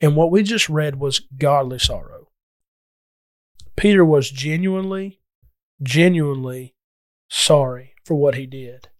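Brief: man preaching, earnest and emphatic, a bit high-pitched, dry close sound. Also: unhurried, long pauses, dry recording. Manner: earnest, emphatic scripture reading. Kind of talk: Bible lesson sermon.

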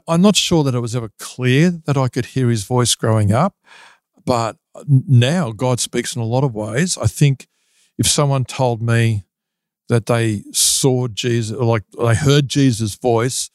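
A man's voice: medium pitch, darkish tone, no room sound. Earnest middle-aged man, dry close sound. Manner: earnest, halting with restarts. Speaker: guest. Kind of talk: reflective podcast interview.

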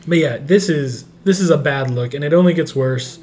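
A man's voice: fairly high pitch, moderate pace, a little mellow, a little hiss or hum. A man co-hosting a podcast in casual chat, laughing often and acting out lines from scenes. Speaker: podcast co-host.

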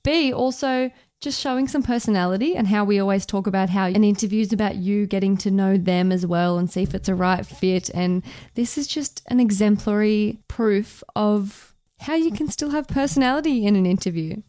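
A young woman, co-hosting a podcast in casual chat, laughing often and saying upbeat words flatly. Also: mid-range voice, moderate pace, no echo. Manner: chatty, laughs often, deadpan delivery of enthusiastic words. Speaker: podcast co-host.

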